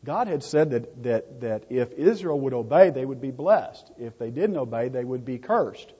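A man preaching a sermon in a husky, mellow voice, hammering home his points by repeating words. The sound is dull and lo-fi, with a long reverb trailing off the walls of a hall. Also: medium pitch, lively intonation, moderate pace. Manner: emphatic, repeats key words for stress.

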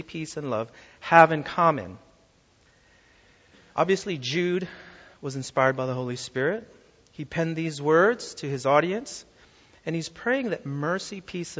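A pastor delivers a sermon at a slow, deliberate pace, leaning into key words and putting rhetorical questions to his listeners. His voice sits a little high for a man. The recording is dull and lo-fi, with a long echo from a large hall. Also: a bit bright. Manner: emphatic preaching with rhetorical questions to the congregation. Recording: lo-fi sound with long hall reverb.

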